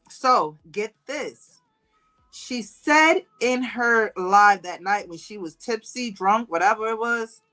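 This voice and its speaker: Chatty woman gossiping on a livestream. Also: low-quality recording. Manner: animated storytelling, acts out quotes in higher voice, laughs often. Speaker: livestream host. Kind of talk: casual gossip chat to viewers.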